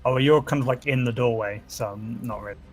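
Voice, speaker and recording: A man's voice: medium pitch, a little fast. Easygoing man running a tabletop game. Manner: easygoing, laughing often, filler-heavy. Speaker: dungeon master. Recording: faint background music.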